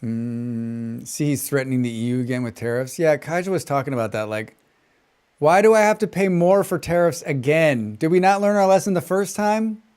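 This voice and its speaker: A man with a flat General American accent, a game streamer chatting casually while he plays, rambling from point to point and humming little tunes to himself between remarks. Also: on the high side, moderate pace, clean tone. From western United States. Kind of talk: casual chat while gaming and reading chat.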